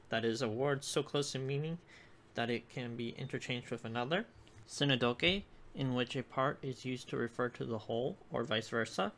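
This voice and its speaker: A video lecturer giving scripted educational narration, measured and explanatory, spelling out examples one by one. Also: medium pitch.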